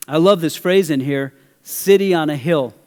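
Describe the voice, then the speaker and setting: A middle-aged male pastor preaching a sermon, animated as he tells a story and questions the audience. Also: a little high, moderate pace. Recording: long hall reverb.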